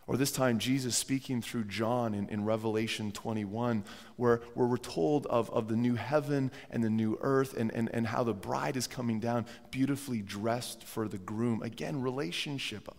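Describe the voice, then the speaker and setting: A man's voice: medium pitch, moderate pace, gravelly, a little mellow. A man preaching a sermon as pastor while he has a cold, earnest and often repeating words as he restarts his phrases. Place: church sanctuary. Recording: long church hall reverb.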